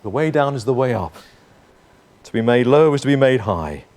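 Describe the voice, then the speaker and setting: A man preaching a sermon as pastor, earnest, moving between forceful lines and hushed ones. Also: medium pitch, animated, moderate pace.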